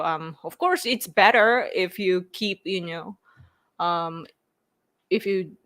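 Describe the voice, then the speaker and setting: A woman's voice: fairly low pitch, fairly bright tone, clean tone. Japanese woman, second-language English with accent, rambling casual livestream host. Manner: rambling, full of "like" and "you know". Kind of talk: casual live-stream chat.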